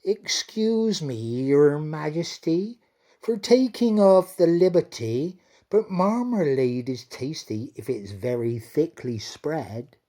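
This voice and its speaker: A man's voice: a little high, expressive, takes it slowly, mellow, pitched above the performer's own voice. A man voicing a polite, timid young dairymaid in a storybook reading. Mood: eager.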